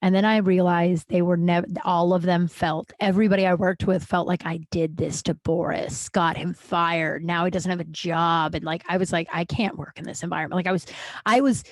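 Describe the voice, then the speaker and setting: A woman's voice: fairly even intonation, normal speed, no room sound. A woman host candidly telling a personal story in a frank, chatty way, with many restarts and some swearing. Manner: frank, chatty, acts out quoted people with pitch jumps; profane, lots of likes and restarts. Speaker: podcast host.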